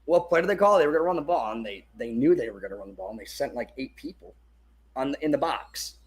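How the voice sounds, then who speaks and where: A man giving live watch-along commentary on a game as a fan streamer. He is excitable and swears, swinging from hyped shouting to muttered asides, and talks into a phone held in his hand. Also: medium pitch, quick pace.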